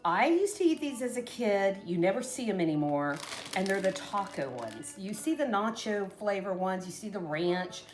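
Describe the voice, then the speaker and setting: Woman, middle-aged, cooking vlogger, casual chat, rambling, animated pitch. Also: normal speed, music in the background. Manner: chatty and rambling, often trailing off and restarting.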